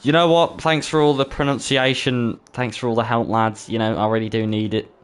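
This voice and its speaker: Man, Brummie accent, live sim racing commentary, chatty and jokey, clear smooth voice. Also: mid-range voice, steady tone, a little fast, soft background music. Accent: Birmingham (Brummie). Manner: chatty, laughs easily, stumbles over names. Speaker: esports race commentator. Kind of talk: live-streamed race commentary.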